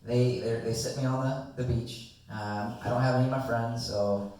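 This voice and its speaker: A young man telling a long, rambling story to friends in a casual chat, animated and swearing freely. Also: mid-range voice, normal speed. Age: young adult. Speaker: guest storyteller. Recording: echoey room, distant mic.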